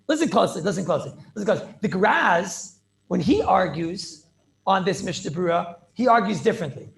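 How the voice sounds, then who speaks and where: High gravelly man lecturing over a video call. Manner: repeats phrases, checks in with "right?" and "clear?". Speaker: rabbi teaching a class.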